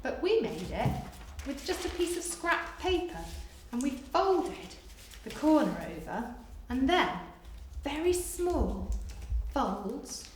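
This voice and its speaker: A woman, a primary school teacher giving a remote lesson to young children, dictating slowly and praising a lot. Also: sits high, big pitch swings, echoey room, slight background noise. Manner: slow, exaggerated dictation with big praise.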